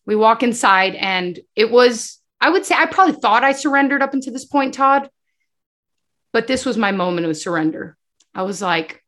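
A woman's voice: on the high side, fairly quick. A woman giving an emotional faith testimony as a guest, telling her story with animation and acting out the dialogue. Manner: animated storyteller who acts out dialogue and often addresses the host.

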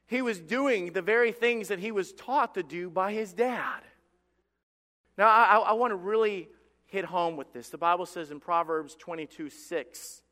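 A man's voice: high voice, a bit bright. A man preaching a sermon as pastor, passionate and emphatic, often repeating words as he builds. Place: church sanctuary. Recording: long church reverb.

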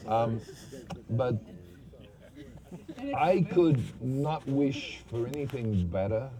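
An older man, a guest actor telling lively, profane, self-mocking stories on stage. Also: medium pitch, slow pace, pauses often, a crowd in the background. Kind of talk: anecdotal storytelling on stage.

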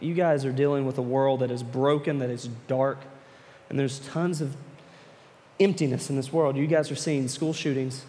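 A man preaching a youth sermon to a room of listeners, telling a personal story with animated delivery that turns earnest and hushed. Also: mid-range voice. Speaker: youth pastor. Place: large room with an audience. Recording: long reverb of a large hall.

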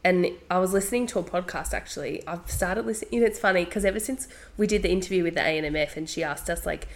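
A woman's voice: on the low side, fast. A young woman co-hosting a podcast, chatting casually and laughing often as she talks. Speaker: podcast co-host. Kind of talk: casual chat.

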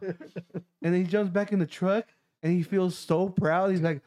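A man telling a profane story to friends, animated and laughing as he goes. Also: high voice, moderate pace. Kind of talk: casual storytelling among friends.

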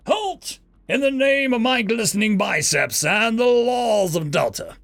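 A man doing a booming, pompous strongman. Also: very animated, measured pace, gravelly, dry recording, clean studio sound, exaggerated voice. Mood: grandiose. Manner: loud and grand. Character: boisterous muscle-bound boatman, male.

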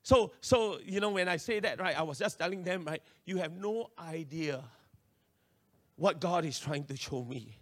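A pastor speaking Singaporean-accented English gives a sermon built around a lively personal story, peppered with local slang. He has a fairly high pitch and keeps a moderate pace.

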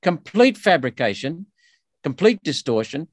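Speaking unhurriedly with a voice on the high side and big pitch swings, an Australian man appears as a politician guest in a podcast interview. The clean studio sound has no echo, and he comes across as emphatic and indignant, frequently starting over mid-thought.

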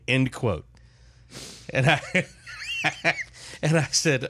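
An older man in casual chat, telling a lively family story as podcast host. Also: mid-range voice, very slow, noisy background. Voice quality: animated storyteller, loud put-on shouts in quotes.

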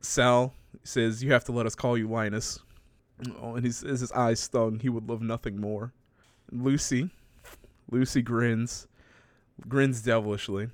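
A man's voice: medium pitch, steady tone, measured pace, no echo. A man casually recapping a story and acting out the characters' lines, laughing often as he talks.

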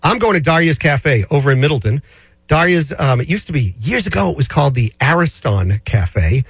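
A man's voice: on the high side, expressive, fairly quick, creaky, breathy edge, no room sound. A man hosting a casual radio talk show, chatty and rambling. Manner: chatty, rambling, with many fillers and restarts. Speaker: radio show host answering listener finance questions.

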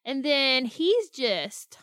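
A woman co-hosting a casual movie podcast, playful and teasing with quick quips. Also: high voice, very animated, fairly bright tone, clean tone, no room sound, clean studio sound. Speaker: guest co-host.

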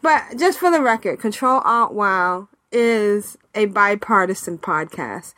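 A woman's voice: medium pitch, animated, unhurried, fairly bright tone, no room sound. A woman co-hosting a casual gaming podcast, chatting, laughing often and reading out listener emails. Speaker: podcast co-host. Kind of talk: casual chat.

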